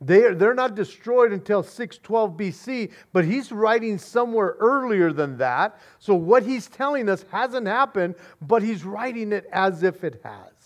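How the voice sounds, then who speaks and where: A man preaching as a pastor, excited and casual, often repeating words and saying "man". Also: high voice, unhurried, hardly any pauses. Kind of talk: expository sermon.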